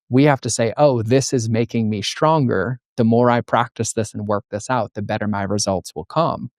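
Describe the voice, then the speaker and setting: A middle-aged man, a guest entrepreneur and coach, telling lively stories and acting out dialogue in a conversational interview. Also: lowish voice, dry recording, clean studio sound. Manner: animated storyteller acting out dialogue.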